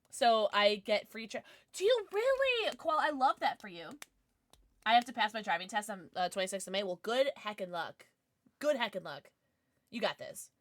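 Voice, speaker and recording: A woman's voice: medium pitch, big pitch swings, moderate pace, fairly bright tone, no echo. A young adult woman streaming live and chatting with her viewers, bubbly and giggly, with lots of "like". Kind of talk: casual livestream chat, reading chat.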